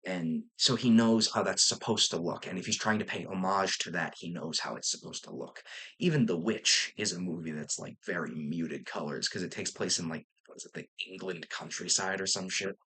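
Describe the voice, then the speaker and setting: A man's voice: sits low, moderate pace, pushed and bright, slightly rough. A young man talking casually and enthusiastically about a film, rambling with fillers and restarts and casual swearing. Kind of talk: casual movie review vlog.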